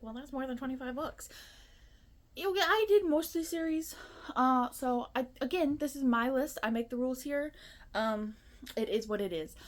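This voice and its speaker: A woman in her twenties chatting casually to her phone camera at home, rambling and a little nervous. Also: a little high. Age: 20s. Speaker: booktuber. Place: her apartment.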